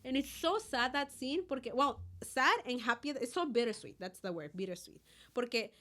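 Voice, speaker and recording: A woman's voice: high voice, animated, moderate pace, sharp tone. A young woman co-hosting a podcast, chatting casually and switching between English and Spanish as she retells a story with animation. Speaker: podcast co-host. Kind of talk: casual chat.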